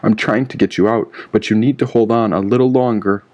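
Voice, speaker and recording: Man doing a hushed, urgent ally. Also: fairly low pitch, fairly even intonation, brisk, natural voice. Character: hushed male ally helping a prisoner.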